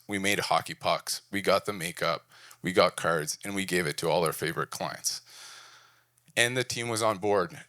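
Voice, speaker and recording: A man's voice: sits low, pushed and bright, no echo, clean studio sound. A man in his forties from Prince Edward Island, Canada, giving a candid, self-deprecating talk at a design event in short punchy phrases. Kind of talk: personal storytelling talk. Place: event venue.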